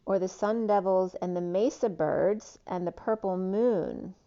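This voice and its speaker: A woman's voice: medium pitch, unhurried, dark tone, lo-fi sound. A woman giving a spiritual tarot reading, wandering from one association to the next with frequent ums and trailing asides. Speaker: tarot reader.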